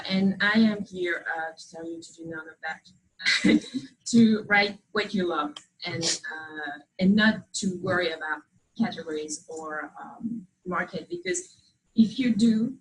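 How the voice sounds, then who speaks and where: Speaking informally as an author before a live audience in an event hall, a woman from France talks with a strong French accent in her native-speaker English, hesitating and pausing a lot while slipping in dry wit. Her voice is fairly low and the recording quality is poor.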